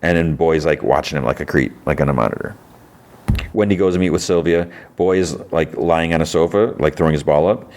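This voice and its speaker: A man's voice: a bass voice, fairly quick, darkish tone. A man hosting a podcast, casually retelling a TV episode and quoting the characters' lines. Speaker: podcast host.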